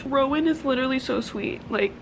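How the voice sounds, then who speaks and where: A woman's voice: sits high, a little fast, slight background noise, poor audio. A young woman in her twenties chatting casually as a book vlogger, gushing and saying "literally" often. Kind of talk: casual vlog chat to camera. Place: home, partly on a balcony outdoors.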